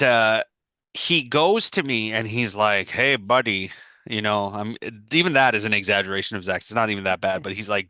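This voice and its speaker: A man with a bright, forceful voice chats on a podcast, rambling through an anecdote and breaking into laughter. He sounds close and dry over his video-call mic, with no room sound around him. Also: lowish voice, no echo. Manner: rambling storytelling, quick to laugh. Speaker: podcast co-host. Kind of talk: casual podcast chat.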